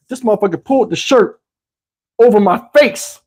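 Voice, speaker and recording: A man in his fifties hosting a livestream, telling a story casually and profanely, animated and rambling with many restarts. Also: sits high, normal speed. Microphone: wearing a microphone.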